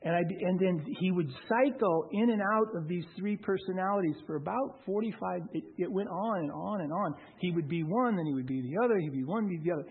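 A man telling a personal testimony story in a conversational way, with halting restarts. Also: high voice, breathy edge. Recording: tinny phone-like sound.

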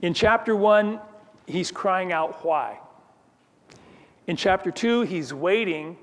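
A man delivers a sermon in a slightly higher voice, casual and conversational. He restarts phrases and checks in with the room. A long hall reverb trails behind every line. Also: unhurried, a bit bright. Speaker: pastor.

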